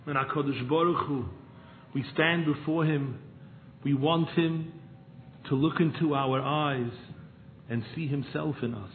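A man telling a parable in a sermon, moving from hushed narration to pleading. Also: on the high side, unhurried, pauses often. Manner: storytelling, swings from hushed to pleading. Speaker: rabbi. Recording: echoey room over a tinny phone-like line.

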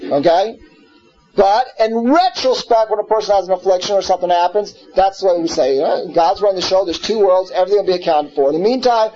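A man's voice: sits high, darkish tone, dull audio. A man teaching a scripture class in an earnest way, repeating words and putting questions to his listeners. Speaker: Torah teacher.

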